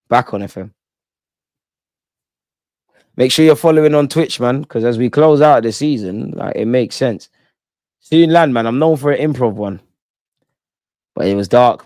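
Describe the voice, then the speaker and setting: A young man hosting a casual football live stream, slangy and animated, tagging lines with "man". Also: mid-range voice, dry recording. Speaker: football channel host.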